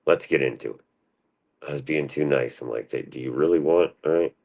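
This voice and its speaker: Very deep gravelly-voiced man ranting. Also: normal speed, a little mellow. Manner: profane, rambling, restless. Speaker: streamer. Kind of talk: casual rambling monologue.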